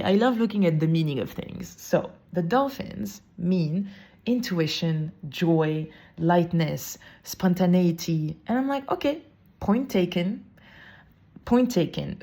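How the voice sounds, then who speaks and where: A woman talks through a personal story on her podcast in casual, reflective monologue. Her voice sits low and sounds mellow and relaxed. She tells it expressively and now and then slips into fillers. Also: breathy edge. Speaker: podcast host.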